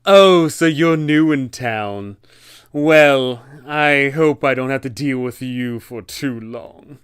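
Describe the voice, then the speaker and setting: A man voicing an unfriendly townsperson, speaking slowly and dismissively. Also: medium pitch, clean tone, dry recording, clean studio sound, lightly acted. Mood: snide.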